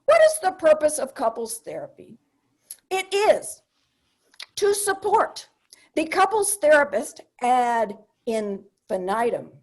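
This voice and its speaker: High, lively older woman storyteller. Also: slow. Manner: wry, confiding, punchy asides. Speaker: solo theater performer. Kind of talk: comedic solo stage monologue.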